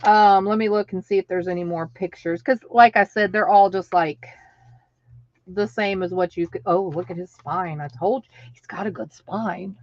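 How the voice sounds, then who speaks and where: A woman's voice: medium pitch, darkish tone, no echo. A woman in her late thirties or older, chatting casually on a live stream, laughing often and acting out what people said in her stories. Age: over 35. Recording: dull lo-fi stream audio.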